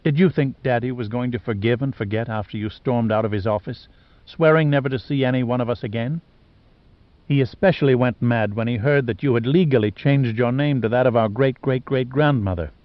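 A man voicing a cold, scheming wealthy woman who speaks calmly and mockingly, in an audiobook. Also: mid-range voice, a little fast, dry recording, natural voice. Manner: calm, impassive, mocking. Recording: dull lo-fi audiobook recording.

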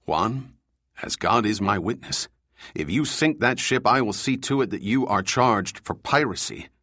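A man's voice: on the low side, expressive, a little slow, dry recording, clean studio sound, heavily acted. A male narrator voicing a stern senior intelligence official who speaks firmly and commandingly. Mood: angry. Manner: firm, commanding, shouting when crossed.

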